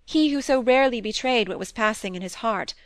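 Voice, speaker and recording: A woman reading a classic novel aloud as an audiobook narrator, in a measured storytelling manner. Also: a little high, dry recording. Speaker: audiobook reader. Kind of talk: scripted narration.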